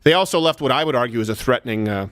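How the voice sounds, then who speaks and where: Male talk show host, sarcastic and animated, bright voice with a lively pitch. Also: racing. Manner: sarcastic, animated, shouting for emphasis. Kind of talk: comedic political talk show banter.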